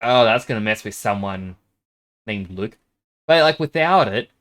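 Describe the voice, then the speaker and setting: A man's voice: on the low side, expressive, normal speed, fairly bright tone. Man streaming from home: loose, rambling chat, a bit shy, tries out whispering on his microphone. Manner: rambling, self-conscious, tests whispering at the mic. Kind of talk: casual game-stream chat.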